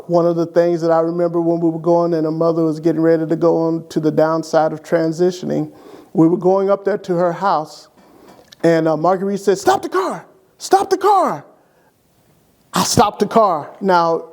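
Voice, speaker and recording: An older man who serves as a church deacon tells an interviewer funny, loving stories about his late wife. His voice is fairly high and his pace moderate, and he relates each anecdote with lively animation in this humorous memorial storytelling.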